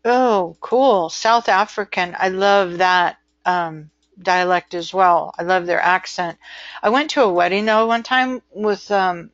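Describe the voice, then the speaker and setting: A woman's voice: on the low side, slow pace, dry recording, muffled recording. A middle-aged woman teaching a transcription class, talking casually and rambling, with frequent ums and asides. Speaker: transcription instructor. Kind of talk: casual webinar lecture.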